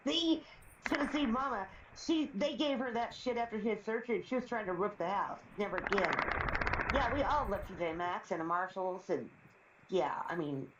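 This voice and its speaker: A woman's voice: medium pitch, normal speed, dull audio, heavy background noise. Chatty middle-aged woman, roomy stream audio. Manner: chatty, laughing, rambling storyteller. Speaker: live stream guest. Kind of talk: casual chat.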